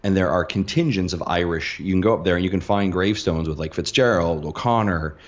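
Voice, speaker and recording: A man from western Canada, a guest on a podcast, telling lively stories in casual chat and acting out the people he quotes. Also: sits low, fairly quick, dull audio. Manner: animated storyteller who acts out the people he quotes.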